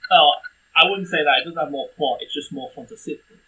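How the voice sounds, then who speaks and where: Husky, teasing male co-host. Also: fairly high pitch, fast, sharp tone, rough recording. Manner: dry teasing interjections. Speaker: film reviewer co-host. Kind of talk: casual comedic film review chat.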